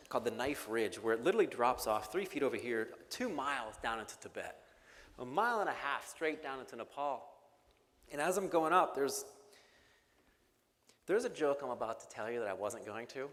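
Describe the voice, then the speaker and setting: A man's voice: medium pitch, fairly bright tone. A young man giving a keynote speech, telling a gripping, humorous story with jokes. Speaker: keynote speaker. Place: large banquet hall. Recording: hall reverb with faint music.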